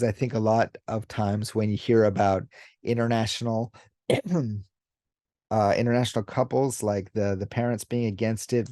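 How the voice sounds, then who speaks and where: A man hosting a casual commentary video, talking in a relaxed, unhurried way with many fillers and now and then acting out characters' lines. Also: on the low side, dry recording, clean studio sound. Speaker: YouTube host discussing manga.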